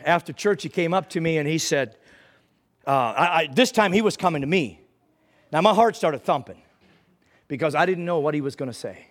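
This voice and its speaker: A man preaching a sermon in church, telling a personal story with feeling and rising into fervent prayer. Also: on the high side.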